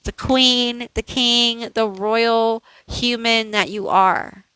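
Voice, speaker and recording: Woman tarot reader, casual and unhurried, talks it through with lots of "like"s, dry recording. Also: on the high side, fairly even intonation, sharp tone, clear, resonant tone, dry recording, low-quality recording. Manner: slow, thinking aloud, chatty with many "like"s. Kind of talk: casual pick-a-card tarot reading.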